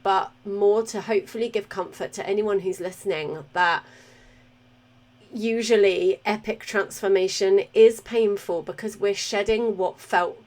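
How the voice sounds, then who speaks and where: A woman's voice: medium pitch, darkish tone. A British woman hosting a podcast interview, chatty and enthusiastic, laughing easily. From Britain. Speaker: podcast host.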